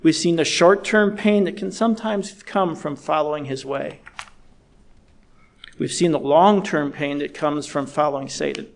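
A middle-aged man delivers a sermon with an earnest, measured manner. His voice sits a little higher than most men's, and he slows down to press key points home. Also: gravelly. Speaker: preacher.

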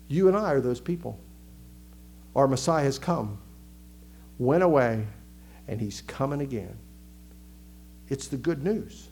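A man preaching a sermon with a Southern American accent, animated, acting out crowd voices and dropping to a hush for emphasis. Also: mid-range voice, a little slow, long pauses, a little hiss or hum. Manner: animated, acts out crowd voices, swings from loud to hushed. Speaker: pastor.

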